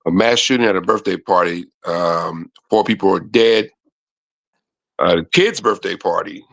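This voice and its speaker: A man co-hosting a podcast in a relaxed, chatty style, with a low voice. The sound is dry and close, and he stumbles and repeats words as he passes on news. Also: vocal fry, no echo. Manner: halting, repeats words while reading out news. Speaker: podcast co-host. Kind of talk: casual chat.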